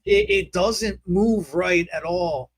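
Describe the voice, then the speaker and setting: A man's voice: high voice, takes it slowly, husky. A man co-hosting a beauty-industry podcast, telling a story casually and acting out the quoted lines. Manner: storytelling, animated, acts out quotes. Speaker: podcast co-host.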